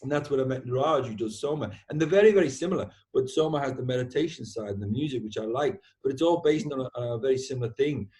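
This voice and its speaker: A man hosting a podcast in easygoing, heartfelt conversation. He talks with animated energy and swears freely, often tagging his sentences with "man". His pitch sits in the middle for a man. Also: fast talker, few pauses. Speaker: podcast host. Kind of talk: casual heartfelt chat.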